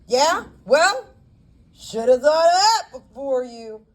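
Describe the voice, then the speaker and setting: A woman voicing a gruff, sarcastic male public defender in an audiobook. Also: fairly high pitch, big pitch swings, moderate pace. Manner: sarcastic, snappish.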